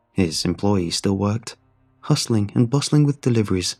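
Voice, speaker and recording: Low-voiced man reading a horror story. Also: a little mellow. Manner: measured, somber. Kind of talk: scripted horror narration. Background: faint music.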